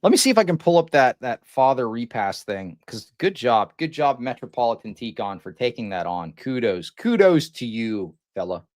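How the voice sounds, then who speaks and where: A man's voice: medium pitch, very animated, normal speed, few pauses, a little mellow. A man hosting a live stream, talking off the cuff in a rambling, mocking way and restarting his sentences. His voice sits in a middle range and sounds close and dry, with no room echo. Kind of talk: casual live-stream commentary.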